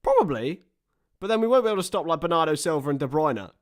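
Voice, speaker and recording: Speaking fast with big swings in pitch, this slightly high-voiced man delivers laid-back live football commentary. Between calls on the action, he chats with viewers and reacts to what they type.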